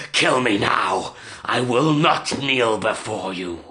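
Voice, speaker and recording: An actor playing a menacing, vengeful male wolf warlord for a video game, with a deep, cold, growling voice. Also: sing-song, very slow, pushed and bright, heavily acted. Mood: threatening. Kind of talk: video game villain voice acting.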